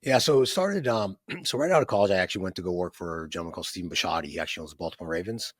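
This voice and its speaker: A man's voice: low voice, racing, slightly rough, dry recording, studio quality. A man in his fifties, an entrepreneur guest, telling his life story in a rambling, conversational way with many fillers and tag questions. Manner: rambling, many fillers and restarts, frequent "right?".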